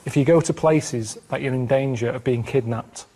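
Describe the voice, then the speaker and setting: A man telling rambling stories in a deadpan way during casual comedic chat on a radio show. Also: mid-range voice, normal speed, husky.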